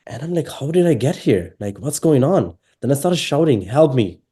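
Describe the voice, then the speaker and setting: A man from Pakistan, telling his personal story in an interview, halting and full of fillers and restarts. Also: mid-range voice, lively intonation, mellow, breathy edge. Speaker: interviewee sharing his testimony.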